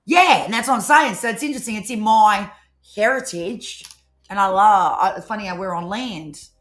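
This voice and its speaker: A woman, co-hosting a live tarot stream in rambling, animated casual chat. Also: mid-range voice, normal speed. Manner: chatty, rambling, animated storytelling. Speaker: tarot reader co-host.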